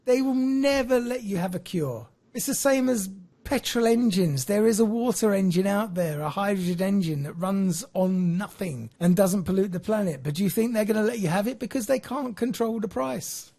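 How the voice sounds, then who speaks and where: A podcast co-host chatting casually, excitable and ranting, laughing often. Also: medium pitch, moderate pace, creaky.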